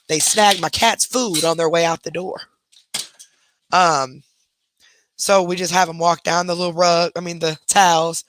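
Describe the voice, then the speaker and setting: A woman's voice: on the low side, a bit bright, no room sound. A woman hosting a casual livestream from home, rambling and chatting with her viewers. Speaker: livestream host. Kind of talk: casual live chat.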